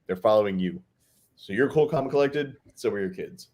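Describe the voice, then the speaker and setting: A man's voice: fairly low pitch, expressive, fairly quick, a little mellow. A man, co-hosting a live fatherhood Q&A and answering bluntly with rhetorical questions. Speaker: co-host, fatherhood coach. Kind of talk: live Q&A advice talk.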